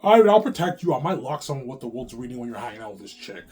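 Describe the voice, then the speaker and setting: A man putting on a high protective father. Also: very fast, a little mellow, husky, natural voice.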